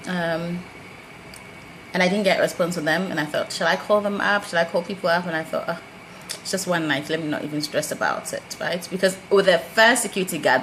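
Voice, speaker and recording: A Ghanaian woman speaks in a casual storytelling vlog, her voice sitting a little low and turning quiet and muttered when she recounts her own thoughts. She leaps high and bright when she acts out what others said. A faint hum of room ambience sits behind her. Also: poor audio. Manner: animated, acts out quoted dialogue with big pitch jumps. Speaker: vlogger.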